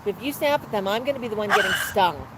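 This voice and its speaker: With faint traffic drifting in from the street, she chats on her outdoor livestream, her parrot beside her, telling jokes and laughing. This time her pitch is medium, her delivery animated and quick.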